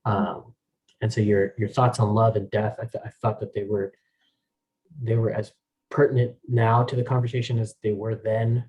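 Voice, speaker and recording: A man hosting a meetup, telling a story in a casual, halting way over a video call, with many restarts and fillers. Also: lowish voice, level tone, darkish tone, lo-fi sound. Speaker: meetup host.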